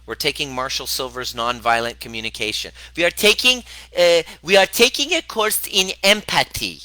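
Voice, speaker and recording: A man's voice: on the high side, lively intonation, normal speed, bright, forceful tone, dry recording, pitched above the performer's own voice, poor audio. A man imitating his older mother, who speaks in a stiff, formal way. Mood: earnest.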